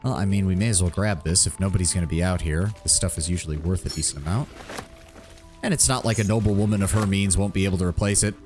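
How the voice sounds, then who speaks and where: A man's voice: low-pitched, quick pace, a little mellow. A man giving casual, rambling commentary while playing a game and thinking aloud. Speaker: streamer. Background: game music.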